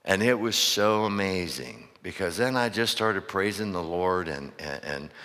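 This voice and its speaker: A man's voice: low-pitched, expressive, measured pace, sharp tone. A male pastor from preaching a sermon, telling stories and calling out questions to his congregation. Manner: storytelling, rising to fervent preaching with questions to the congregation. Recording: echoey church hall.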